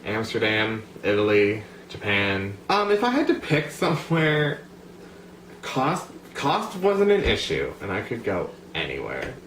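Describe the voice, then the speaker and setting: A man's voice: lowish voice, wildly swooping pitch, unhurried, a bit bright, a little hiss or hum. Chatty young man in an echoey room. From United States. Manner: chatty, rambling, filler-heavy. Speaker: vlogger. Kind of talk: casual talk to camera. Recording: echoey room, faint background ambience.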